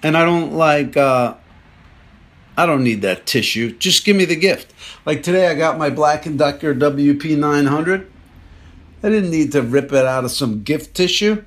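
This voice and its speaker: With a fairly high pitch and moderate pace, the man rambles on his podcast, delivering a casual comedy monologue peppered with jokey rants.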